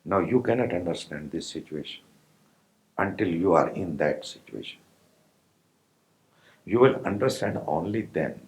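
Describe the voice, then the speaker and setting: A man with an Indian accent giving a slow, pausing spiritual discourse to meditators, often asking his listeners if they follow. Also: low-pitched, lively intonation, low-quality recording. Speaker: spiritual teacher.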